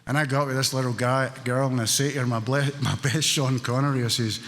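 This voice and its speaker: A Scottish man in his sixties speaks at a recovery meeting, telling funny stories at his own expense and laughing often. His medium-pitched, fairly bright voice moves fast with fairly even intonation, and it sounds like a big room.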